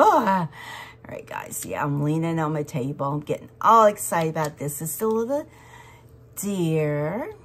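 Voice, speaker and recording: A woman chatting to her viewers as she works on a craft project, excitable and talkative. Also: deep voice, unhurried. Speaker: resin craft vlogger. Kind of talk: casual crafting vlog chat.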